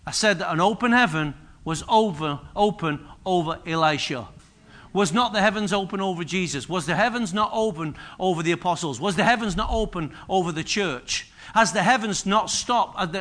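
A man preaching a sermon, acting out biblical speakers with sudden loud bursts. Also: sits high. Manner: energetic preaching, voices biblical figures with sudden loud rises. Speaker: pastor.

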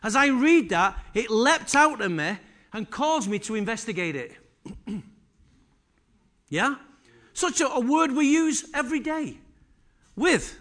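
High-pitched male pastor mid-sermon, emphatic, asks the congregation questions. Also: sing-song, unhurried, long pauses, a bit bright. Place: church service.

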